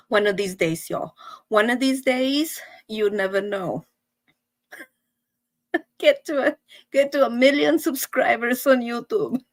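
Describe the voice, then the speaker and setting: A high-pitched, middle-aged woman, chatting with viewers as host of her weekly live show. She giggles and laughs between almost every line. Her voice sounds close and dry, with no room echo. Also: slow, pauses often. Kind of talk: casual chat to viewers.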